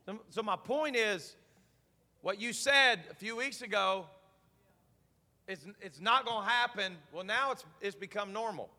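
A man's voice: high voice, measured pace, bright, forceful tone. A man preaching an evening sermon as pastor, emphatic and pleading, often asking his listeners whether they follow him. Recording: long reverb of a large hall.

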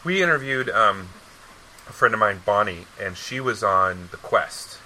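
A man's voice: lowish voice, animated, unhurried, sharp tone, a little hiss or hum, poor audio. A man hosting a podcast, chatting casually and rambling, with many restarts and repeated words. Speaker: podcast host. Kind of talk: casual chat.

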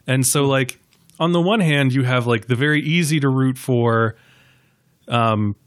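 A man's voice: medium pitch, a little slow. A man hosting a podcast, chatting casually about a film, rambling with many fillers and acting out quotes. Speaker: podcast host.

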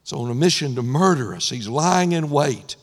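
A man preaching a sermon with impassioned, rising and falling emphasis, his voice going hoarse. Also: fairly high pitch, animated, moderate pace, big-room sound. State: losing his voice. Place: church sanctuary.

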